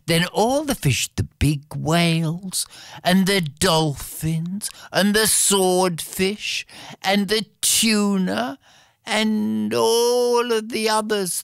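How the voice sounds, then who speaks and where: A woman telling a fairy tale aloud in a slow, dramatic way, speaking directly to her listeners. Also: mid-range voice, dry recording, studio quality. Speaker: storyteller. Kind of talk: oral fairy-tale storytelling.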